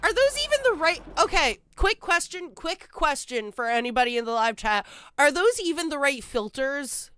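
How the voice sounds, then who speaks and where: Woman, streamer, blunt and profane, dry close sound, high voice. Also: big pitch swings, moderate pace, few pauses, fairly bright tone, no echo. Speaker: streamer reacting to a video. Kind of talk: casual reaction commentary.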